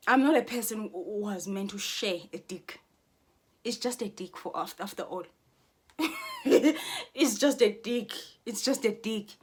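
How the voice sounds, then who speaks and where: A woman vents straight to her viewers in a heated, profanity-laced monologue. She repeats words and restarts her sentences as she pushes her points. Her voice sits at an ordinary middle pitch for a woman. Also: husky. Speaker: vlogger.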